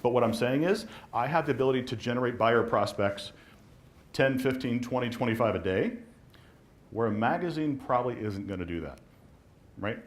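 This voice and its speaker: Speaking quickly and with lots of animation, a man leads a live class on real estate marketing in a mid-range voice. He performs back-and-forth exchanges with clients and agents as examples.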